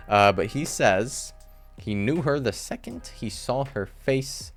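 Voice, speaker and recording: A man's voice: medium pitch, expressive, faint music behind. A young man casually reviewing a TV episode, rambling with lots of fillers and sudden exasperated outbursts. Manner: rambling, frequent "like" and "I guess"; quick jumps to exasperated outbursts. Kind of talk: casual solo commentary.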